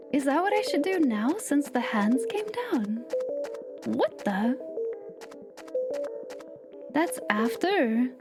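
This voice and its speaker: A woman streaming a game live, chatting playfully with viewers and slipping into soft whispered asides. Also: high voice, very animated, takes it slowly, pauses often. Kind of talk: casual live-stream chat. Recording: game music playing behind the voice.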